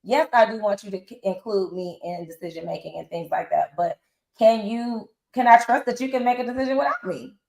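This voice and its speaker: A lively woman in her forties talks through her experiences like a friend catching up, slipping into other people's voices as she quotes them. Her voice carries a roomy echo around it. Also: medium pitch, brisk, creaky. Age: 40s. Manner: animated storyteller acting out quotes. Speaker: interview guest. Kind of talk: casual interview talk.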